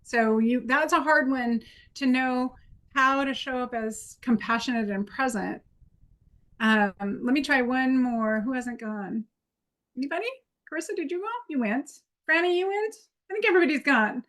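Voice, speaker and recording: A high-voiced woman, slightly bright and moderately paced, guides an improv exercise as the instructor at a training workshop. Her manner stays warm and chatty, with playful demonstrations to egg people on.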